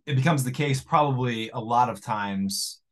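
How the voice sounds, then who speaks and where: Brief: casual interviewer, quick affirmations, middle-pitched voice. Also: a little hiss or hum. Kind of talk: conversational interview.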